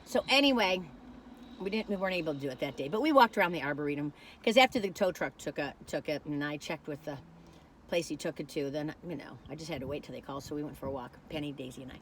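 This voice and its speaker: A woman's voice: low voice, quick pace, slight background noise. A woman reviewing food in a casual vlog, chatting while she tastes and telling a rambling story that keeps losing its thread.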